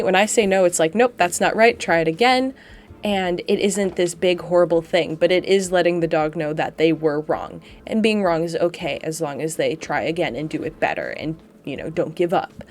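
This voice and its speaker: A woman with a slightly low voice talks through her dog training footage in a relaxed, chatty way. She pokes fun at herself and laughs often. She records the voiceover from home, seated beside her dog. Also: a little hiss or hum.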